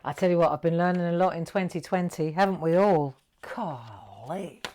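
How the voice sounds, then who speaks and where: A woman with a notably low voice hosts a live craft tutorial. She chats warmly to her viewers as she draws, coaxing them along and checking they can follow. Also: normal speed. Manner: chatty, encouraging, talks to viewers while drawing. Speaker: craft show host.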